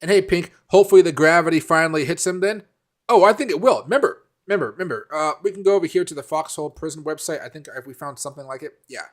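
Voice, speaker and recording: A man's voice: on the high side, fast. A man hosting a casual live stream, rambling and answering viewer comments by name, with many fillers and restarts.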